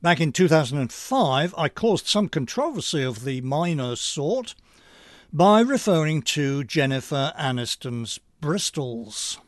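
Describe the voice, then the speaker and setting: Older British man, wry and dry, slow deliberate pace, lively pitch, dead dry close sound. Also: dry recording. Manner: wry, dry humor, measured delivery. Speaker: host. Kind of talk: scripted monologue.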